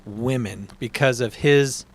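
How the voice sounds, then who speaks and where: A man's voice: mid-range voice, takes it slowly. A man co-hosting a podcast, talking bluntly and with lots of swearing in a heated casual debate. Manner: blunt, profane, animated ranting. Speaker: podcast co-host.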